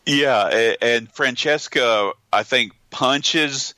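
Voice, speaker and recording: A man hosting a podcast, in casual film chat, speaking haltingly and often restarting while he searches for words. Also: medium pitch, pushed and bright, no echo. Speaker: podcast host.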